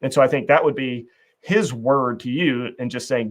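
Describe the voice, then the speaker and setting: A man's voice: medium pitch, normal speed. A man hosting a talk show, speaking earnestly and reflectively in a conversational faith discussion, often restarting his phrases.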